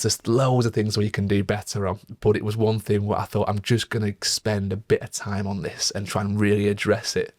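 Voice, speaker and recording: A man's voice: lowish voice, dry recording, clean studio sound. A young man co-hosting a podcast, telling a parenting story in an earnest, reflective way with lots of fillers. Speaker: podcast co-host. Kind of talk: casual chat.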